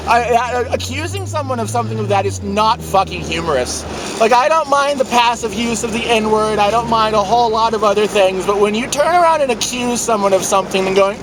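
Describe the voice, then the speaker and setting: A man vlogging from his car in a parking lot, ranting sarcastically and swearing, breaking into mocking high yells. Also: animated, normal speed, background noise. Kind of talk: casual vlog ranting while driving.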